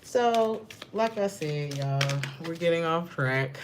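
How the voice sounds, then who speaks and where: A young woman hosts a casual tarot reading, chatting in a loose, slangy way and drifting into side stories. Her pitch swings widely and often jumps up into laughter, with a faint room hum behind her. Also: slow. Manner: animated storyteller who breaks into high laughing outbursts; slangy and digressive. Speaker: tarot reader. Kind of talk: casual livestream tarot chat.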